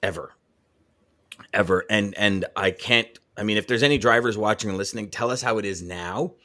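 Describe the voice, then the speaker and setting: A man's voice: on the low side, fairly quick. A man co-hosting a live sales chat show, telling stories emphatically and repeating words for stress. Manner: animated storyteller, emphatic repetitions. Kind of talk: casual live-stream chat.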